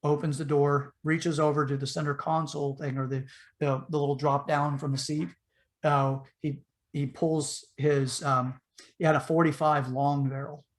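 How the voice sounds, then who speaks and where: A man's voice: a little high, normal speed. Rambling man spinning a story. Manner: animated retelling, acts out the voices in his story; loose and rambling, with many fillers and restarts. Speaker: podcast host telling a story. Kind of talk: casual storytelling.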